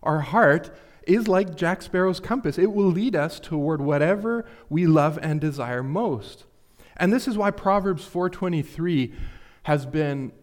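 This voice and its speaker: Earnest man preaching a sermon. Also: fairly high pitch. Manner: earnest, questioning, addresses listeners directly. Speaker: pastor.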